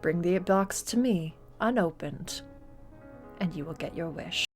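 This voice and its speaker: A woman voicing a mysterious deity who bargains in a hushed, slow, partly whispered voice. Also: lowish voice, expressive, soft background music. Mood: solemn.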